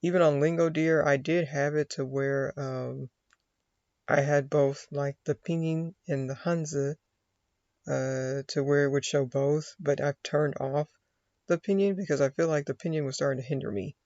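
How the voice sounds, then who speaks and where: Creaky man rambling in a dry room. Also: on the high side, fairly even intonation, normal speed, a little mellow, no echo, highs cut off. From United States. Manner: rambling, quotes own inner voice, laughs. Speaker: vlogger. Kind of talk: casual rambling monologue.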